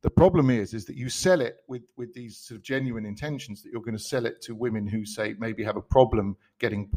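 A man's voice: mid-range voice, a little fast, a little mellow. A man with a London English accent, co-hosting a podcast in casual comedic chat, telling stories in a dry, joking way with many restarts. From England. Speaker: podcast co-host.

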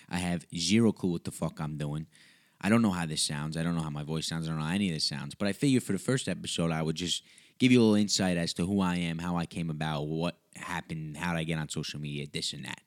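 Young comedian hosting a solo podcast; low voice, loose, profane, rambling delivery. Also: male voice, no room sound, clean studio sound. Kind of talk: casual solo podcast monologue. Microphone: USB microphone.

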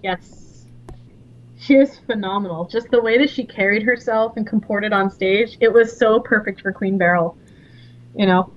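A woman's voice: mid-range voice, normal speed. Blunt chatty woman, lo-fi audio. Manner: animated, blunt. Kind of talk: casual fan chat. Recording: dull lo-fi audio.

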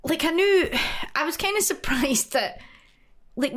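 Woman podcaster, bit high voice, super lively, giggles a lot while chatting. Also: measured pace. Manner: laughs often, chatty, acts out quotes. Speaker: podcast co-host. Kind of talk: casual chat about films.

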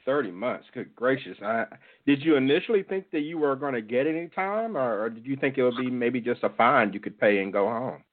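A man's voice: mid-range voice, lively intonation, fairly quick. A male host interviewing a guest, sympathetic and asking short questions. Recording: tinny phone line.

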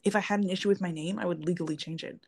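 A woman's voice: fairly low pitch, fairly even intonation, rapid-fire, vocal fry, darkish tone. A woman co-hosting a podcast, chatting casually and rambling with lots of fillers. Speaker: podcast co-host. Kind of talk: casual chat.

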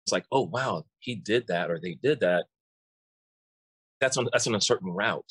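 Low-pitched and husky yet fairly bright, the coach's voice moves at a moderate pace, with no room sound. In this relaxed podcast chat he's talkative, restarting lines and repeating words a lot.

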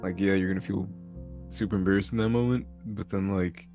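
A young man co-hosting a podcast in casual chat, talking in a relaxed, reflective way. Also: low-pitched, a little fast, soft background music. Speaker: podcast co-host.

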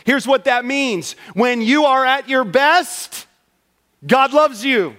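Man, pastor, sermon, high-pitched voice, shifts from emphatic to hushed, acts out listeners' thoughts. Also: takes it slowly, in a large hall. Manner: swings from loud emphatic lines to hushed low delivery.

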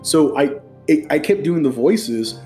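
Mellow-voiced man hosting a podcast. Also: on the high side, animated, soft background music. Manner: chatty storyteller, drops into quick impressions. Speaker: podcast host. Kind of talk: casual podcast chat.

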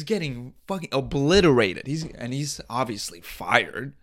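A man's voice: medium pitch, sing-song, measured pace, hardly any pauses, fairly bright tone, no echo. Young male podcast host, swears a lot, laughs through anecdotes, dry close mic. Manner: profane, laughing often. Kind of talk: casual storytelling.

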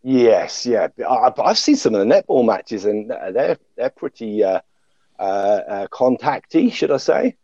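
A man's voice: mid-range voice, sing-song, measured pace, dark tone, slightly rough, dry recording. Casting: male host, chatty panel podcast, dry close lo-fi sound, rambling and self-mocking. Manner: self-deprecating, many fillers and restarts. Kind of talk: casual hosted panel chat.

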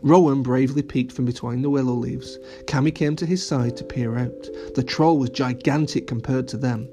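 A man gently narrating a children's audio story. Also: medium pitch, fairly even intonation, moderate pace, over music.

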